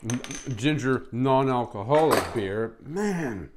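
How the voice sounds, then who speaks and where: A man's voice: slow, a little hiss or hum. A man reviewing food on camera in a casual, enthusiastic way, humming with pleasure while he eats. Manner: enthusiastic, lots of mmm sounds while eating; chatty with his pet in a high, excited voice.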